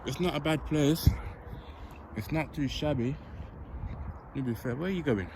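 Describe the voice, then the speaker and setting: A man's voice: a little high, moderate pace. Blunt, swearing guy outdoors. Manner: chatty and blunt, swears freely. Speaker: fitness vlogger. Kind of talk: casual vlog chat. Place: outdoor urban park court. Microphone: handheld or propped-up camera. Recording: outdoor traffic noise behind. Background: city ambience with passing vehicles.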